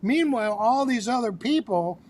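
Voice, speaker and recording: A psychologist and author, a man, telling an animated anecdote as a podcast guest, with frequent restarts. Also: very high-pitched, moderate pace. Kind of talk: storytelling in a podcast interview.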